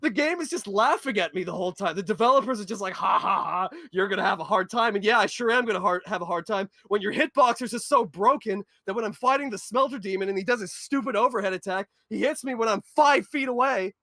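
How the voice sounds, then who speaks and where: Ranting man, fairly high voice. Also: expressive, fast, few pauses, sharp tone, dry recording. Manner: passionate, ranting game critique. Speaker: podcast co-host or guest. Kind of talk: casual chat.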